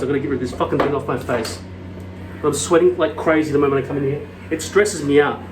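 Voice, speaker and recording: A vlogger with a slightly high, steady voice rambles quickly in casual chat, ranting and swearing. He's recorded from a distance in an echoey room with a noisy background.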